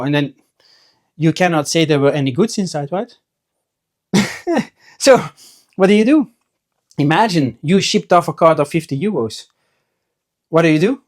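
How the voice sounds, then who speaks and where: A trading card seller and video host chats casually to camera in a fairly high, darkish voice with lively intonation. He speaks a little slowly with long pauses, telling stories, acting out quoted voices, and frequently restarting his sentences.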